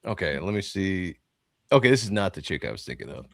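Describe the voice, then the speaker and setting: Gravelly man with a swooping voice. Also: low-pitched, sing-song, fast, dry recording. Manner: crude joking, reading chat aloud. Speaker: livestream host. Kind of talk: casual livestream banter. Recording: dry close mic.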